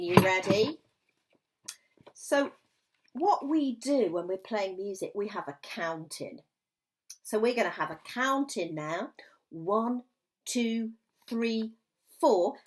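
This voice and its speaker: In a rough recording, a woman with a mid-range voice gives a recorded music lesson to young children at home. She's a primary school music teacher, and she speaks in an encouraging, sing-song way, drawing her words out.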